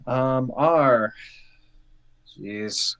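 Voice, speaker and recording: A man hosting an open mic, bringing up the next comic in a slow, drawling way. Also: medium pitch, a bit bright, slight background noise.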